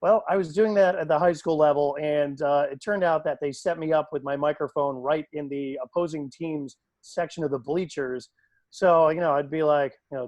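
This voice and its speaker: A man who works as a PA announcer, telling stories in a lively, casual way on a video call. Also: a little high, moderate pace, no room sound. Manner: animated, acts out quoted voices.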